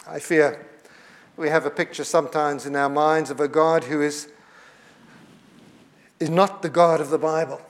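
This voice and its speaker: A man preaching a sermon, earnest and emphatic, slowing down to dwell on quoted scripture. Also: on the high side, steady tone. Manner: earnest, emphatic repetition with slowed quotations.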